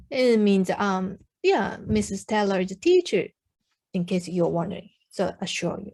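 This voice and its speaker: A woman with a Japanese accent, a native Japanese speaker, tutoring beginners. She explains slowly in simple English with many ums and says phrases for learners to repeat. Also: mid-range voice, lively intonation, a little mellow. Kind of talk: online language lesson.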